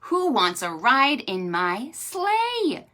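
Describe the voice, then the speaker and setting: A woman voicing a calm, kindly male horse who pulls a sleigh in a picture book read aloud to children. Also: fairly high pitch, drawn-out words, pitched above the performer's own voice, full character voice.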